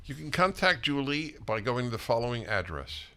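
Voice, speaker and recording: An older man co-hosting a casual talk show, speaking emphatically with sudden rises and drops in loudness. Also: mid-range voice, very animated, brisk. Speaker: podcast co-host. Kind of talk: casual chat.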